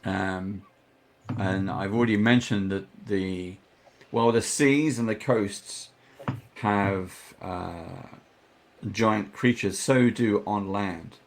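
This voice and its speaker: Man, dungeon master voicing an NPC; unhurried, fry in the voice. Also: lowish voice. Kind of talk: narrating a tabletop game in character as an NPC.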